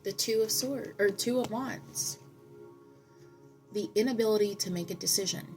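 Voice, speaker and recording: Woman in a mid-range voice reads tarot cards, earnest and sermon-like, with drawn-out dramatic pauses. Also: mid-range voice, over music. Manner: earnest, preachy, speaks in repeated affirmations. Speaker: tarot reader. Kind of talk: spiritual tarot reading.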